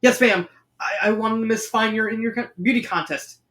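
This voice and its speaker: A man's voice: sits high, normal speed, a bit bright, pitched above the performer's own voice. A man voicing a gushing fashion-loving cartoon girl. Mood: excited. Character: excited young woman, fashion-loving, cartoon. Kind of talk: fan fiction reading.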